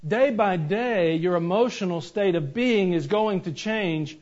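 A man preaching a sermon, animated and joking, with rhetorical questions to the congregation. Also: high voice, measured pace. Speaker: pastor. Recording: dull lo-fi recording.

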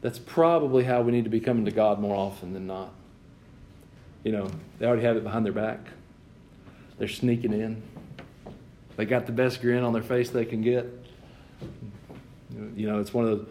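A man's voice: mid-range voice, normal speed, long pauses, mellow, a little hiss or hum. A man preaching a sermon in church, swinging between emphatic points and chatty asides to the congregation. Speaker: pastor.

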